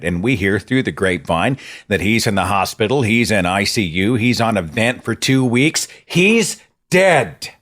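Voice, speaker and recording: A man's voice: lowish voice, sing-song, moderate pace, a bit bright. A middle-aged man hosting a podcast monologue, impassioned and exasperated, moving between dry asides and outbursts. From Oklahoma, USA. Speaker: podcast host.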